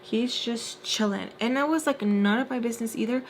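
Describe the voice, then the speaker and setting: A young woman casually telling a story while doing her makeup, animated and full of fillers. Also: fairly high pitch, normal speed, slight background noise. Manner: animated, filler-heavy retelling with quoted voices. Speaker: storytime vlogger.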